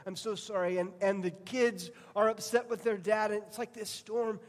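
A man's voice: high-pitched, fairly even intonation, normal speed. A male pastor preaching a sermon, earnest and storytelling, often restarting his phrases. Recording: long hall reverb.

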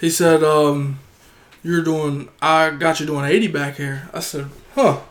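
A man's voice: on the high side, a little slow. A man telling a long anecdote in casual chat. He quotes other people as he goes and swears freely. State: gets heated and shouts when indignant.

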